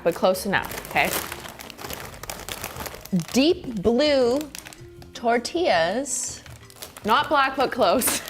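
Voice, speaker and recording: A woman hosting a casual live-stream cooking chat from her kitchen, playful and giggly. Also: medium pitch. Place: home kitchen.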